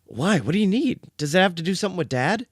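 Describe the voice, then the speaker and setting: A man voicing a big, anxious male dog, the younger brother, with high, strained barking yelps. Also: lively intonation, quick pace, husky, no echo, studio quality, exaggerated voice. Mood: pleading.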